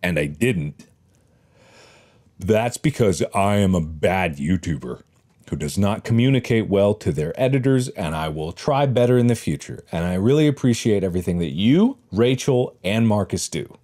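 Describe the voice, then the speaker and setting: Lively joking YouTuber man. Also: sits low, moderate pace. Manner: joking, sarcastic asides to his editor. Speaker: YouTuber and host. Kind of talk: casual gaming chat.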